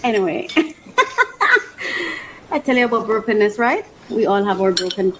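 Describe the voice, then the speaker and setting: A woman vlogging casually, who swings from gushing squeals and laughter to a softer, reflective way of talking about her feelings. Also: mid-range voice, normal speed, background noise. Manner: reflective and soft-spoken when sharing personal feelings. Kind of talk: casual emotional vlog.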